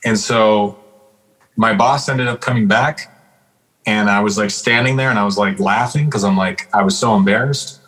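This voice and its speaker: Chatty low-voiced man telling stories. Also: moderate pace, fairly bright tone, poor audio. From Calgary, Canada. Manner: rambling storyteller, lots of "like" and "dude". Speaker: podcast co-host and rapper. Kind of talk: casual chat.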